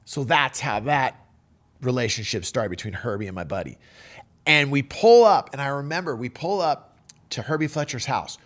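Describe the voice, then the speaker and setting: A man telling a personal surfing story in a casual, animated way, full of surfer slang and fillers. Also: mid-range voice, moderate pace.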